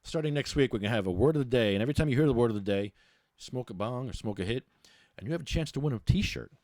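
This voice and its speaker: A man's voice: medium pitch, expressive, quick pace, a little mellow, dry recording, clean studio sound. Blunt man ranting as podcast host. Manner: rambling, blunt, with many restarts and fillers. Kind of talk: casual ranting talk show monologue.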